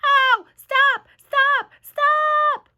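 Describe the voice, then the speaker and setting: Woman doing a loud brash storybook centipede. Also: sits high, big pitch swings, normal speed, voice pushed up, heavily acted. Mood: crying out. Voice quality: brash shouting. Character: boastful rude male centipede, loud.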